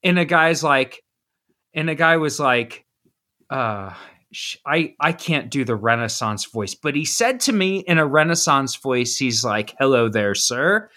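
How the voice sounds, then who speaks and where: Podcast guest, man from Ohio, forties, bright tone, animated storyteller. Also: on the high side, a little slow. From Ohio, USA. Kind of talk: casual storytelling.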